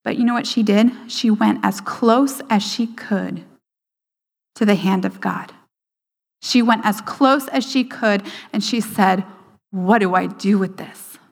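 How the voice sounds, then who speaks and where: A woman giving a sermon, slowing down for emphasis and dropping to a hushed voice for quoted lines. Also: mid-range voice, vocal fry. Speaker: speaker at a church service. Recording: hall reverb.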